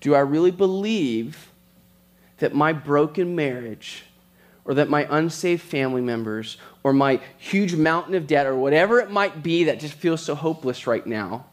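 Pastor, male, slightly higher voice, chatty storytelling sermon delivery. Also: lively intonation. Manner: conversational, storytelling with quick asides.

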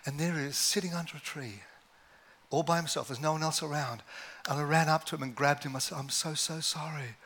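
A man's voice: medium pitch, bright, forceful tone, slightly rough. A middle-aged man preaching a sermon in a conversational, self-deprecating way, telling personal stories and laughing often.

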